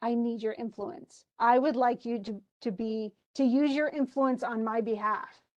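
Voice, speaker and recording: A woman's voice: fairly high pitch, fairly even intonation, unhurried, darkish tone, dull audio. A woman teacher walking a class through a play scene, reading the characters' lines aloud between her own explanations and restarts. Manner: reads quoted lines aloud with restarts and asides. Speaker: literature teacher. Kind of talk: lecture retelling a play scene.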